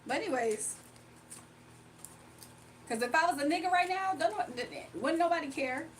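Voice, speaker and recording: A woman's voice: sits high, animated, normal speed, recorded from a distance, slight background noise, low-quality recording. A woman livestreaming a card reading, ranting bluntly to her chat with repetitive rhetorical questions. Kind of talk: heated livestream rant to chat.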